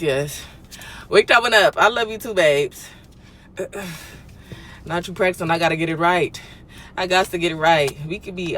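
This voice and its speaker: A young woman hosting a casual livestream chat. She talks bluntly and swears freely, and her volume swings between loud and quiet. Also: lowish voice, slight background noise. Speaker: livestream host.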